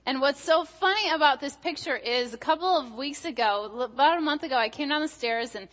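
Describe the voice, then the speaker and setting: Bright-voiced woman preacher, chatty. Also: high voice, brisk, muffled recording. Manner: chatty, storytelling with filler words. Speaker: guest speaker. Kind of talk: sermon.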